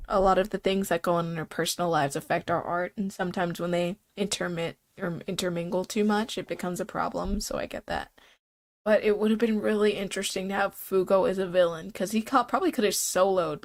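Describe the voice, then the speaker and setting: A woman's voice: fairly low pitch, brisk. A congested young woman streaming, chatting casually and rambling with frequent laughs.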